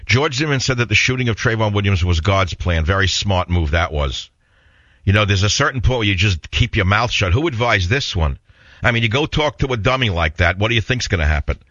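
A man's voice: on the low side, expressive, a little fast, a bit bright, no room sound, highs cut off. A man with a New York accent hosting a talk radio show, combative and sarcastic in a rambling monologue.

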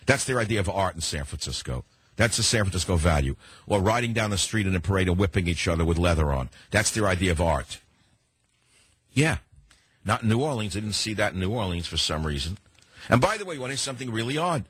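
Older male talk radio host, thick New York accent, very low husky voice, opinionated and digressive, dry studio sound. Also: animated, fast talker, fairly bright tone, no room sound. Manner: rambling, combative, digressive.

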